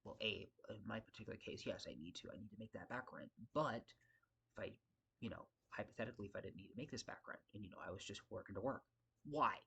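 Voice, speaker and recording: A man's voice: fairly low pitch, fast, creaky, fairly bright tone, husky. Frustrated security guy ranting to his channel, swears a lot, rambles and circles back. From Las Vegas area. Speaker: security guard vlogger. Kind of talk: casual ranting vlog.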